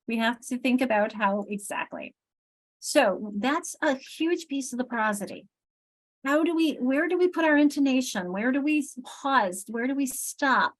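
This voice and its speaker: Woman, literacy trainer, fairly high voice, thinks aloud, restarts sentences, video call. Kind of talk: instructional training session.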